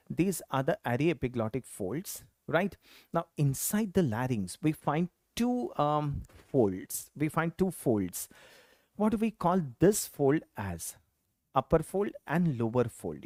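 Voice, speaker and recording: Lecturer drilling exam facts: animated intonation, quizzes then answers, dry recording. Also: mid-range voice, no echo. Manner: quizzes students with questions and answers them himself; repeats key terms for emphasis. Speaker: teacher. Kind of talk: exam-prep anatomy lecture.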